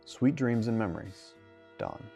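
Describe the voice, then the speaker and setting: A man reading wartime letters as a young soldier who writes tenderly to his sweetheart, in a gentle, measured way. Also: fairly low pitch, huge pitch swings, gravelly, music in the background, full character voice.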